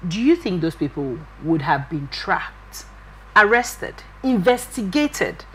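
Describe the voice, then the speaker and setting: A woman's voice: fairly low pitch, sing-song, slow pace, a little hiss or hum, poor audio. A woman hosting a TV interview, asking probing questions and giving short acknowledgements. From Nigeria.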